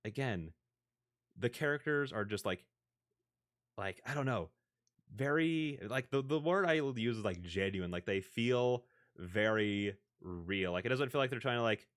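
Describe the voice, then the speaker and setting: A young man talks to his stream from his home desk, close on a desk microphone. He rambles loosely and stacks filler words as he goes. His pitch sits in an ordinary middle range. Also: animated, unhurried, fairly bright tone. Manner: rambling, filler-heavy, self-correcting. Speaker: livestreamer. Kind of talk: casual live-stream chat.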